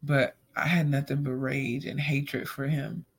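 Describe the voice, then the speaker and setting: A woman's voice: rumbling low, unhurried, husky. A young woman telling a personal story in a casual monologue, acting out the dialogue as she retells it and using "like" often. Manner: animated retelling, acts out quoted dialogue, frequent "like".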